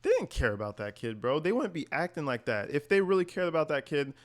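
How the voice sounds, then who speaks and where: A man hosting a commentary channel, reacting to an interview in a blunt, profane, animated rant. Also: fairly high pitch, quick pace.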